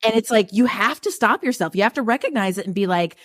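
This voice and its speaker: A woman's voice: medium pitch, animated, quick pace, fairly bright tone, no room sound, studio quality. A young woman hosting a podcast who chats casually, affirms her guest and laughs often. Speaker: podcast host. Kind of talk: casual interview chat.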